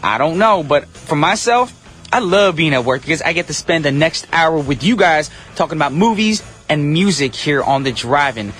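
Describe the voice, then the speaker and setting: A male radio host chatting to his listeners from the studio in a casual, upbeat way. His voice sits slightly high for a man, and he keeps a playful, goofy edge. Faint music plays underneath. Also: expressive, moderate pace, a bit bright.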